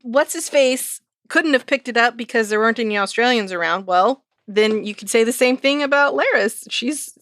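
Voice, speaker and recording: A woman's voice: on the high side, normal speed, few pauses, a bit bright, no echo, clean studio sound. A woman co-hosting a podcast in casual chat, teasing and insistent as she argues. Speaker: podcast co-host.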